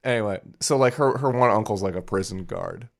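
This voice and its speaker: Young guy rambling on a podcast, kinda low voice, lots of likes and ums. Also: a little fast. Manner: rambling, filler-heavy, laughs often. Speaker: podcast co-host. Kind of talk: casual chat.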